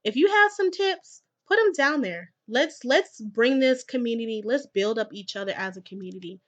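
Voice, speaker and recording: A young adult woman, a classroom teacher, giving casual advice in a vlog, stressing points by repeating them and swinging between soft asides and loud urging. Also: a little high, animated, normal speed, dull audio.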